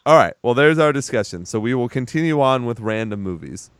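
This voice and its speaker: A man's voice: medium pitch, lively intonation, fairly quick, clean tone, dry recording. A man hosting a casual podcast, joking around and laughing often with his co-hosts. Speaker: podcast host. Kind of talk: casual chat.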